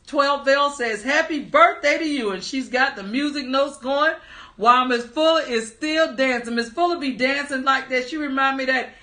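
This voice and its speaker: A woman hosting a casual livestream, reading viewers' comments aloud with animated, laughing energy. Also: high-pitched. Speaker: livestream host.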